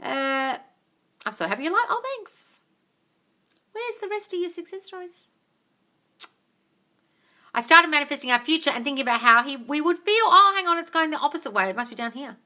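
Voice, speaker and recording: A woman's voice: high-pitched, animated, normal speed, long pauses, pushed and bright. An Australian woman hosting a live Q&A, reading viewers' comments aloud, calling them darling and swearing casually. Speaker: manifestation coach host.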